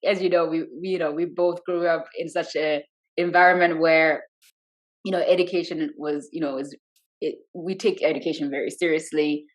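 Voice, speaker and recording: A woman's voice: low-pitched, steady tone, moderate pace, low-quality recording. A woman hosting a casual podcast chat, asking follow-up questions and laughing often. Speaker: podcast host. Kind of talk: casual conversation.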